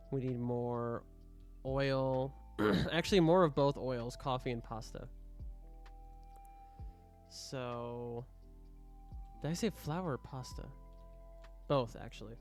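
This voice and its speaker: A man's voice: mid-range voice, takes it slowly, pauses often. A young man casually commenting while streaming a game, joking and mock-scolding the customers, with faint music behind him.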